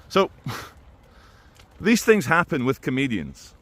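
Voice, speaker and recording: A man's voice: medium pitch, slow pace. Chatty man giving opinions. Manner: conversational and animated, with quoted impressions. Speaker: video commentator. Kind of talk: opinionated monologue commentary.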